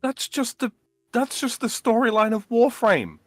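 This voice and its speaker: Slow-talking sarcastic co-host, animated, dry sound. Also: mid-range voice, no echo. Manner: sarcastic quips. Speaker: podcast co-host. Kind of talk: casual chat.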